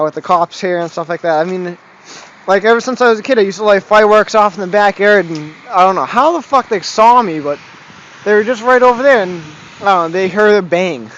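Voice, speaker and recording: A man's voice: high voice, a bit bright. A young man from Massachusetts vlogging casually, rambling and swearing as he chuckles over his run-ins with the cops. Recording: dull lo-fi home video audio with faint noise.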